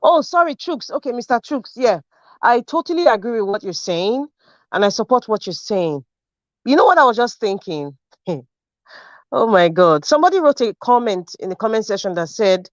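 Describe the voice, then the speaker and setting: Woman, online panel debate, emphatic and repetitive, fairly high voice, slightly dull sound. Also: moderate pace, no room sound. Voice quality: emphatic, animated, repeats points for stress.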